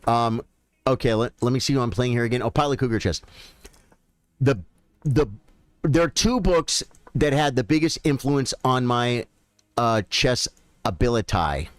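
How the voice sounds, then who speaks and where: A man's voice: mid-range voice, animated, moderate pace, long pauses, clean tone, dry recording. Chatty male chess streamer, dry sound. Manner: chatty, thinks aloud, addresses viewers directly. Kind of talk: casual live-stream commentary.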